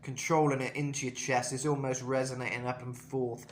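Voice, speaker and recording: A man's voice: medium pitch, flat delivery, brisk, a little hiss or hum. A young man giving a casual vocal lesson, talking loosely with self-mocking asides between demonstrations. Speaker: vocal coach.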